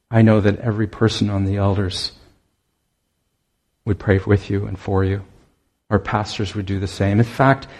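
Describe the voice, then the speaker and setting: Husky low-voiced man preaching. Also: a little mellow. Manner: earnest, exhorting, with many pauses. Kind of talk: sermon.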